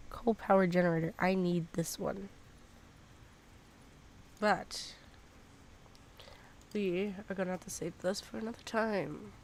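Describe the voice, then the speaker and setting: A woman's voice: mid-range voice, fairly even intonation, a little slow, long pauses, a little hiss or hum. A woman streamer chatting casually while gaming, rambling with lots of fillers and poking fun at herself. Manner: rambling, filler-heavy, self-deprecating.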